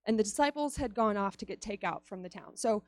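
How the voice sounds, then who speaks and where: A woman's voice: mid-range voice, lively intonation, a little fast, darkish tone, no echo. A woman giving a conversational youth sermon, chatty and laughing often as she acts out stories. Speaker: youth speaker.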